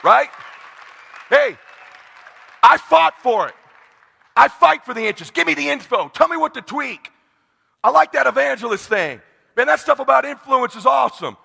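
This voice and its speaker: A man in his forties giving an intense motivational speech, swinging from hushed talk to shouting. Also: very high voice, lively intonation, moderate pace, gravelly, long pauses, husky, in a large hall. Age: 40s. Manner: preachy, addresses crowd as brother. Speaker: motivational speaker.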